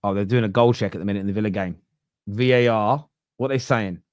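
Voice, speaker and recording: A man from London's East End with a Cockney accent, hosting a live football watchalong in a chatty, self-mocking way and breaking into shouted excitement at near misses. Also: on the low side, fast, clear, resonant tone, no room sound, clean studio sound. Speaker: watchalong host.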